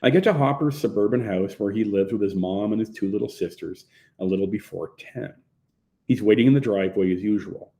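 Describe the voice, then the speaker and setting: A man narrating his own memoir as an audiobook in a plain, low-key manner. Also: fairly quick, dark tone. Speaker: author reading his own book.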